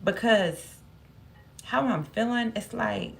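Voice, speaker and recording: This tarot reader's voice is on the low side and creaky, and she takes her time. Drawing cards, she muses aloud, talks to herself, and repeats phrases, growing emotional at moments.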